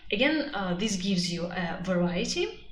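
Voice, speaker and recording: A woman with a Russian accent teaching a live webinar. She talks in an animated, chatty way and uses many fillers. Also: fairly low pitch, measured pace. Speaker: IELTS teacher. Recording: echoey room, faint background noise.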